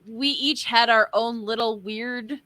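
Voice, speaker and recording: Woman, higher and very bright, dry close sound, chatty, laughs a lot, lots of "like"s. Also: steady tone, no echo. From northeastern United States. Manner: chatty and quick to laugh, with many "like"s. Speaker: artist on a group stream. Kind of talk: casual chat.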